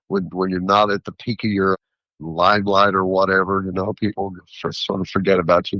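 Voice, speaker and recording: A man who is a food entrepreneur, a guest on an interview show, talking in a rambling, philosophical and animated way. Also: low-pitched, no room sound, lo-fi sound. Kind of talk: interview conversation.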